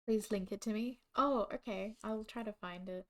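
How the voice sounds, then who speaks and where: A woman's voice: medium pitch, normal speed. A young Australian woman and teacher, muttering to herself with lots of fillers while chatting on a live stream. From Brisbane, Australia. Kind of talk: casual live-stream chat.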